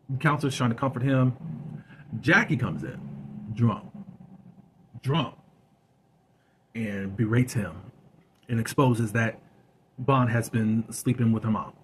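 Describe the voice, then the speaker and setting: A man's voice: mid-range voice, slight background noise. A man hosting a web series review channel, chatting casually about an episode with plenty of fillers. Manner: chatty and conversational, with many fillers.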